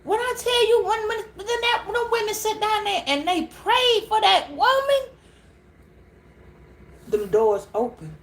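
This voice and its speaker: A woman telling a story casually to camera, animated and laughing, repeating words as she goes. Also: very high-pitched, moderate pace, hardly any pauses. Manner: animated, laughing, repeats words, calls listeners girl and child. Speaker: tarot reader.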